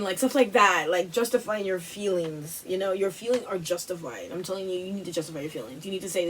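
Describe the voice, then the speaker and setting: A woman hosting a wellness workshop, giving a casual motivational talk full of "like" and "you know", with animated, repetitive phrasing. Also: on the low side, moderate pace, distant mic, a little hiss or hum, rough recording.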